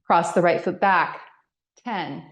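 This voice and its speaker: A woman's voice: lowish voice, slow. A middle-aged woman leading a guided workout class, counting reps and giving step-by-step movement cues. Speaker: fitness instructor. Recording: echoey room.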